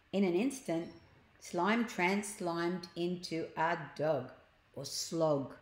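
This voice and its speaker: A woman reading a children's book aloud, pausing to explain words and pictures to young listeners. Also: fairly low pitch. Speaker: storyteller. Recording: echoey room.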